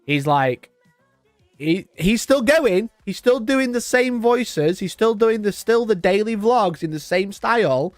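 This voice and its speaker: A high-pitched, animated but unhurried voice comes from a livestream host in his twenties who chats casually, rambling, swearing and laughing often. The studio-quality recording is dry, with faint music in the background.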